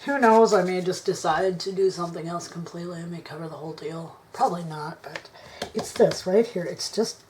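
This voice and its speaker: A woman vlogging her craft work to camera on a tripod, thinking aloud, indecisive, often dropping into soft mutters. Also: lowish voice, fairly quick, background noise. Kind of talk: casual crafting chat to camera.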